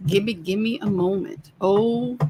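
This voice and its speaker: A woman's voice: mid-range voice, a little slow, noisy background. A middle-aged woman co-hosting a casual livestream, teasing and laughing often. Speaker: co-host.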